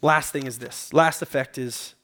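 A man's voice: mid-range voice, steady tone, moderate pace, a bit bright. A male pastor giving a sermon in a casual, conversational way, telling stories and urging his listeners directly. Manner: casual, conversational preaching with storytelling.

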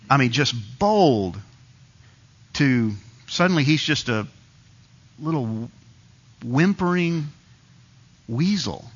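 A man's voice: medium pitch, sharp tone, dull audio. A man preaching a conversational sermon, retelling a story with quoted asides.

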